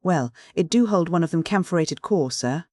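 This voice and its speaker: Man voicing old widow, country dialect, wailing, high-pitched, dry sound. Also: animated, moderate pace, a little mellow, dry recording, close to an everyday voice. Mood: whimpering. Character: old grieving village widow, whimpering.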